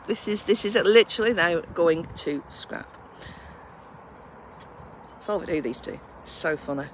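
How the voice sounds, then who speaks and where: A woman's voice: fairly low pitch, lively intonation, unhurried, slight background noise. A woman, a mindfulness class instructor, chatting casually on a live stream from home on a handheld phone and cooing in baby talk at her dogs.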